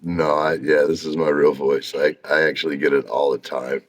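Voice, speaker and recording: A man with an extremely deep, rumbling low voice talks casually as a guest on a livestreamed chat. He is laid-back and self-deprecating, and he chuckles often. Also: little pitch movement, normal speed, noisy background. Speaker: podcast guest. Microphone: livestream video call.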